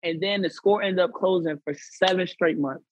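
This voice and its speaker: Husky-voiced man telling a story. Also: high-pitched, moderate pace, no room sound, poor audio. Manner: animated, acts out quoted people; conversational American slang. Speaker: podcast guest. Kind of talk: storytelling in a casual interview.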